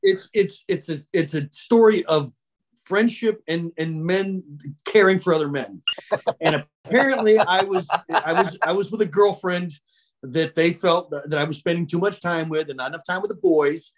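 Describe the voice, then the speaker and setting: A man's voice: a little high, normal speed. Rambling storyteller man. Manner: rambling, repeats words, acts out quoted voices. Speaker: podcast guest storyteller. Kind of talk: casual storytelling.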